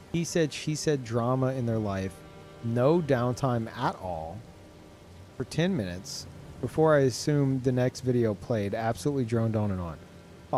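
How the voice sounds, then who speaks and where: A young man streaming games, tired and low on energy, rambling in casual chat with lots of swearing, ums and restarts. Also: darkish tone. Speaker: game streamer.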